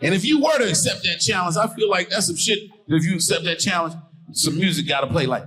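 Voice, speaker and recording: A man performing a stand-up comedy set on stage, telling profane stories loudly and baiting the crowd. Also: high voice, animated, fast, poor audio. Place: comedy stage before a live audience. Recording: live crowd laughter and applause. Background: audience laughing and clapping.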